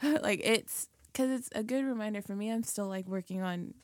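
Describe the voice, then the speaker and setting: A woman's voice: mid-range voice, moderate pace, dry recording, clean studio sound. A woman co-hosting a podcast in casual chat, talking loosely with lots of "like" and "you know". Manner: chatty, fillers of "like" and "you know". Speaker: podcast co-host.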